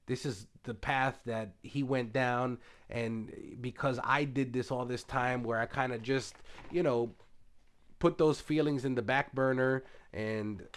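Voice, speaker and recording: A man's voice: medium pitch, fairly even intonation, a little slow, clear, resonant tone. Man rambling through a casual spoiler review. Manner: loose, rambling retelling with many fillers. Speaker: TV show reviewer.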